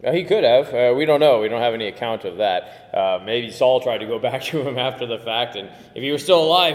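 A man's voice: mid-range voice, lively intonation, fairly quick, few pauses. A man teaching a Bible study class in a conversational way, asking the group questions and explaining Greek words. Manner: conversational, asks the class questions, many "okay"s. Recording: echoey room with long reverb.

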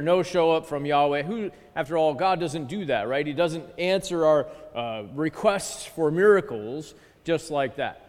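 A male pastor giving a conversational sermon, often checking in with "okay" and "right". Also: a little high. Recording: long hall reverb.

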